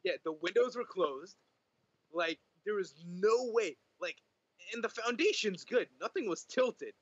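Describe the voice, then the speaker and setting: A man's voice: sits high, animated, unhurried, breathy edge, no echo. A young man chatting casually on a podcast, telling a story earnestly and insisting on his point, repeating himself. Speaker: podcast co-host. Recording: dull lo-fi mic.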